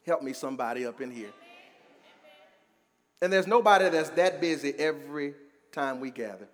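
A man's voice: on the high side, animated, normal speed. A man preaching a sermon as pastor, emphatic and conversational, calling on the congregation to respond. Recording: echoey church hall.

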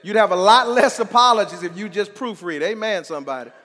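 A man with a very high voice preaches a sermon, rising into shouts and dropping back to near-conversational lows. He keeps calling on the congregation to answer him. His voice rings through a church with a long echo. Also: animated, a little fast. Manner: call-and-response preaching, swinging from quiet to shouting. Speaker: pastor.

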